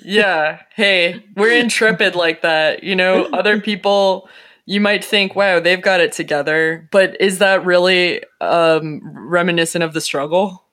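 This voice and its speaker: A woman's voice: lowish voice, a little slow, hardly any pauses, fairly bright tone. A young woman co-hosting a podcast in casual chat, rambling and self-mocking with many fillers, recorded on a microphone on a stand. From New York City. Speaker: podcast co-host.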